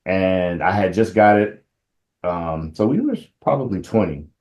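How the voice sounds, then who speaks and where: A middle-aged man with a low voice talks in a casual interview. He is a police sergeant from Compton and speaks in a relaxed, reflective way. When he tells a story he turns lively and laughs easily. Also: unhurried, roomy sound, dull audio. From Compton, California.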